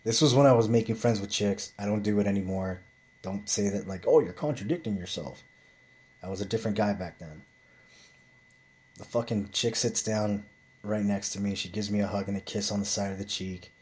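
A man's voice: fairly low pitch, fairly even intonation, a little fast, a little mellow. A man telling a rambling bar story in a blunt, profane, casual way, with frequent restarts.

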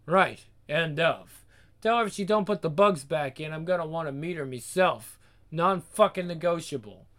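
A man's voice: a little high, normal speed, fairly bright tone, lightly acted. A man voicing a foul-mouthed, hard male ringleader with a blunt, menacing manner.

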